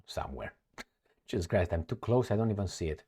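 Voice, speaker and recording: A man reading news articles aloud and commenting on them in a rambling, halting way, with many fillers and muttered asides. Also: sits low, animated, warm tone, slightly rough. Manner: blunt, mutters asides to himself. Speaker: political commentator.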